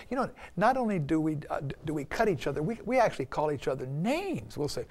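A man's voice: fairly high pitch, fast, few pauses. An older man, a minister and guest, talking earnestly in a casual spiritual discussion. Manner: earnest, acts out quoted people in lively bursts; gravelly voice.

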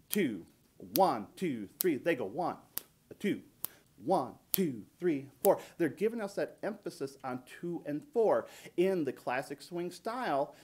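A man's voice: mid-range voice, a little mellow. A man teaching a jazz practice tip, explaining rhythm and scatting and counting beats aloud. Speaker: trombone teacher. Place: music shop.

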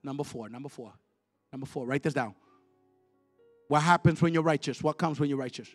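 A male evangelist preaching a fiery sermon in a church, leading call-and-response and swinging from quiet words to shouted, repeated lines. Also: medium pitch, a little fast. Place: church sanctuary. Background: faint music from the musicians.

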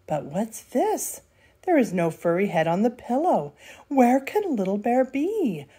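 Big playful daddy bear, roars and teases, grandma doing the voice for a storybook. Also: female voice, a little high, sing-song, a little slow, dark tone, slightly rough, voice pushed up, full character voice. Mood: playful booming. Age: older. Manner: roaring, playful. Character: big playful father bear, booming and teasing.

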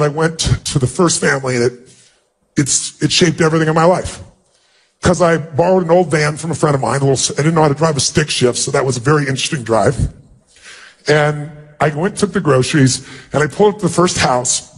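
A man giving a motivational speech, telling a personal story with emotional, animated delivery and a husky voice. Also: fast. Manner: emotional, animated storytelling, rising in pitch when stirred. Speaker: motivational speaker.

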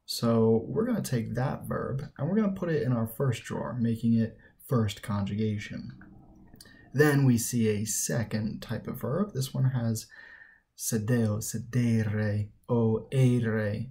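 A man walks through a Latin grammar lesson in a patient, methodical way, often pausing to check that the listener is following. His voice is mellow and warm, and his pitch sits in the middle range. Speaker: Latin teacher.

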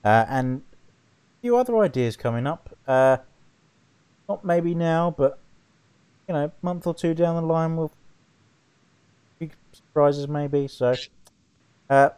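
A man hosting a casual live stream chat, relaxed and rambling with plenty of fillers. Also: on the high side, slow pace, pauses often, smooth. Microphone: video call setup.

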